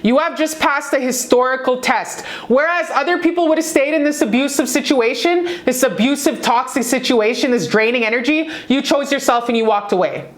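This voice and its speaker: A woman with a slightly high voice gives a casual tarot reading straight to camera. She talks in a fired-up, profane pep-talk manner, her pitch swinging up and down as she presses her points. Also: a little fast, hardly any pauses. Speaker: tarot reader. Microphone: talking to camera.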